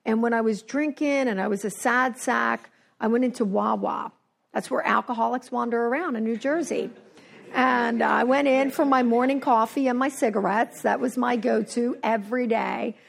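Brief: woman, higher voice with a gravelly edge, animated storyteller giving a personal recovery share. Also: moderate pace. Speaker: speaker sharing at a recovery meeting. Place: New Jersey.

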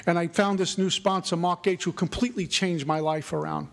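A man's voice: high-pitched, steady tone, a little fast, vocal fry. A middle-aged man, sharing his recovery story in an earnest, repetitive way. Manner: earnest, repetitive, mantra-like phrasing. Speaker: recovery meeting speaker. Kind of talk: personal recovery talk.

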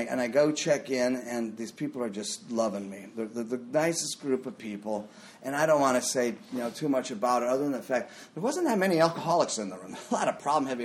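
Animated man telling his recovery story. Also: mid-range voice. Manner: animated storyteller, jumps into loud acted quotes. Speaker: recovery meeting speaker. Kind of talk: personal story shared at a meeting.

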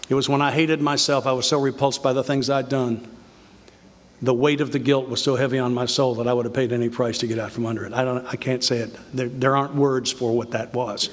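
Older man sharing his story in a hall. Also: mid-range voice. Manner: earnest, confessional storytelling with halting restarts. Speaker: recovery speaker. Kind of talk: recovery meeting talk. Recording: reverberant hall.

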